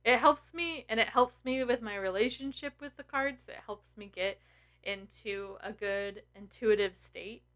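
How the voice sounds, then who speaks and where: Woman in her 30s, bright voice pitched a bit high, openly emotional vlog talk, swears a lot. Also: measured pace. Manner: emotional, blunt and heavy on swearing. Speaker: tarot content creator. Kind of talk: candid personal vlog.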